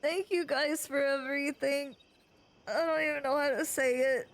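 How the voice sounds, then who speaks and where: A woman's voice: high-pitched, fairly even intonation, normal speed. A young woman streaming live and chatting casually, gushing and near tears, rambling as she repeats herself.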